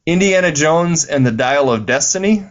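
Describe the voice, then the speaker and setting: A man's voice: fairly high pitch, animated, moderate pace, lo-fi sound. A man co-hosting a podcast, chatting casually about films in a playful, teasing, enthusiastic way. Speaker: podcast co-host. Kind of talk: casual film chat.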